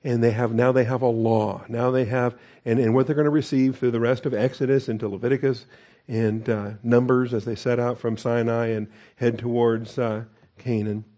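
A middle-aged pastor preaching in a relaxed, conversational way and dropping in joking asides. His voice is mellow and dark. His pitch sits in the ordinary middle range for a man. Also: normal speed. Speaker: pastor teacher. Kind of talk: sermon.

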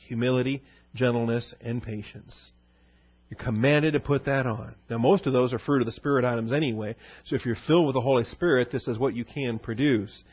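A man's voice: mid-range voice, breathy edge, no echo, highs cut off. A male pastor giving a conversational verse-by-verse sermon, asking his listeners questions and answering them himself, with many fillers.

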